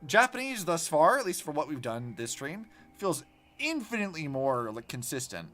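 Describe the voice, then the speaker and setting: Male streamer, casual game commentary, profane rants, very animated pitch. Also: normal speed, soft background music. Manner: rambling, profane, animated ranting. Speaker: vtuber streamer.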